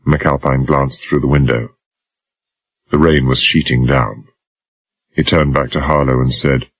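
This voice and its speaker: A man narrating a thriller audiobook in a measured, even way. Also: very deep voice, no echo.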